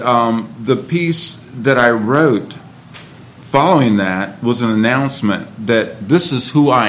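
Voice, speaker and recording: Man, poet, spoken word, unhurried rhythmic delivery, faint background hiss. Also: mid-range voice. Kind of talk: spoken word poetry and conversation.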